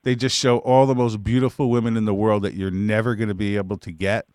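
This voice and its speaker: A male host with a smooth, resonant voice and a brash, casual manner. He keeps the talk moving with quick agreeing interjections. The sound is dry and close to the mic. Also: lowish voice, flat delivery, darkish tone, no room sound. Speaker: podcast host. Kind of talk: casual comedic chat.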